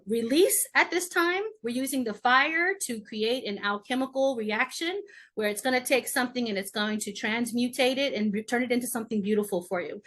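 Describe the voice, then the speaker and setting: Encouraging woman guiding a ceremony. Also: fairly high pitch. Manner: gentle, encouraging, closes each share with aho. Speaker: shamanic healer leading a ceremony. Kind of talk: guiding a virtual group ritual. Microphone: video call.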